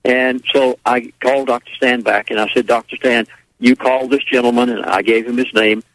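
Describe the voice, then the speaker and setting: A man's voice: medium pitch, fairly even intonation, normal speed, a bit bright, dry recording, low-quality recording. A man guest on a radio talk show, telling a rambling, folksy story in a casual way and acting out what others said. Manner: folksy, rambling, acts out quoted voices.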